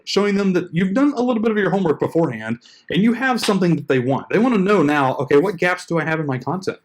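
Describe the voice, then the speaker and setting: Man, blogging coach, slightly high voice, loose chatty delivery, acts out example emails. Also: lively intonation, quick pace. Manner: loose and conversational, full of likes and uhs, mimics the emails he quotes. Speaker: blogging coach and podcast host. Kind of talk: casual tutorial talk.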